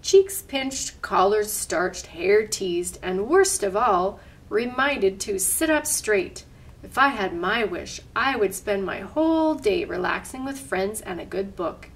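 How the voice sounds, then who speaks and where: A weary princess, sighing and wistful, listing her complaints slowly, as a woman reads her lines. Her tone is gently put-upon. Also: mid-range voice, big pitch swings, poor audio. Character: weary adult princess longing for rest.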